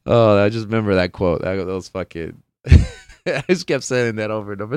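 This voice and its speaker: Low-voiced excitable man on a podcast. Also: fairly quick, smooth, dry recording. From California. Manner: excitable, swears freely, laughs often. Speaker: podcast host. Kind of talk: solo podcast sports chat.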